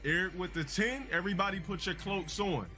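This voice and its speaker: A man's voice: high-pitched, a little fast, pushed and bright, soft background music. A man livestreaming, making grandiose and self-important proclamations in a theatrical way.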